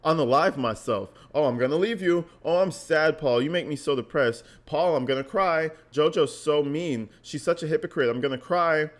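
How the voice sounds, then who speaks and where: A man's voice: on the high side, normal speed, few pauses, voice pushed up, lightly acted. A man mocking a whiny, clingy girlfriend. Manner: mocking, whiny sing-song. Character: whiny clingy young woman, mocked.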